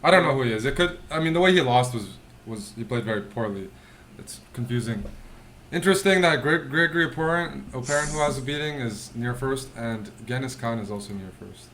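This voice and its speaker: A man's voice: mid-range voice, animated, fairly quick, a bit bright, a little hiss or hum. A man thinking aloud as he plays chess, musing and self-critical. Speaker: chess player. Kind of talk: thinking aloud while playing.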